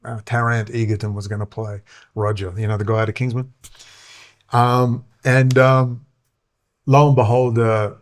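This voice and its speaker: A man's voice: medium pitch, flat delivery, normal speed, pauses often. A middle-aged man, hosting a rambling monologue, heated and full of swearing and filler words. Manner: profane, heated, many fillers. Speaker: show host.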